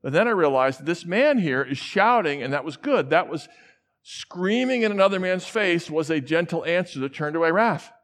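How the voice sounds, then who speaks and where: A man's voice: a little high, lively intonation, moderate pace, fairly bright tone. A middle-aged man from the central United States preaching a sermon in a large church, telling personal stories in a conversational way and acting out the voices he quotes.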